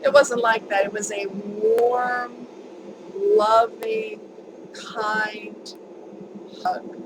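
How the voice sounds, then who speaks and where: A woman's voice: mid-range voice, little pitch movement, very slow, heavy background noise. A woman vlogger telling a personal story in a chatty, emphatic way, repeating words for stress.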